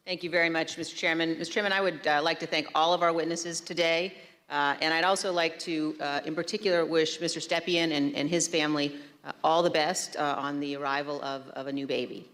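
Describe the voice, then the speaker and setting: Measured woman giving a closing statement. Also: sits low, steady tone, fairly bright tone, in a large hall. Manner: measured, with hesitant fillers. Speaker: committee member.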